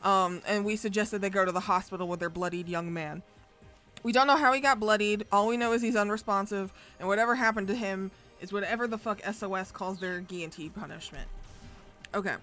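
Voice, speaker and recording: A woman streamer talks through a recap in a loose, rambling way, cursing often and stopping for fillers. Her voice sits at an ordinary middle pitch, with faint music underneath. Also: steady tone, a little fast, a bit bright. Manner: profane, chatty, rambling with fillers. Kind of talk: casual story recap.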